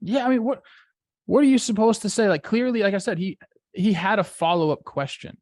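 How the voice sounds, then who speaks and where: A man in his thirties co-hosts a laid-back sports podcast, his voice pitched a little high for a man. He talks loosely, leaning on "like" and "dude" as he works through his points. The recording is close and dry. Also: a little fast, darkish tone, no echo. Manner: loose, filler-heavy, says like and dude a lot. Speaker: podcast co-host, former ballplayer. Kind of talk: casual sports talk.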